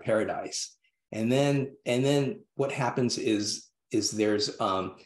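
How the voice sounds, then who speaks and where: A man, a guest in an interview, telling a story in a halting way with many restarts and fillers. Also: medium pitch, reverberant. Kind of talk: interview conversation.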